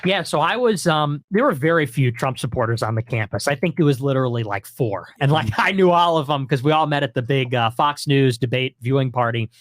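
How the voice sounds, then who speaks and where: A man's voice: mid-range voice, expressive, fairly quick, few pauses, no room sound. A man in his twenties, a podcast guest, telling stories in casual chat with a wry, laughing manner. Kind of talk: casual storytelling in conversation.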